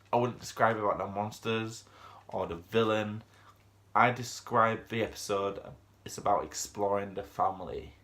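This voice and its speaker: A man talking casually to camera about a TV episode he just watched. He rambles, trails off, and starts sentences over, filling the gaps with ums in a relaxed, chatty way. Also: lowish voice. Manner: rambling, chatty, many fillers and restarts. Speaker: TV episode reviewer. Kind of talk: casual unscripted review vlog.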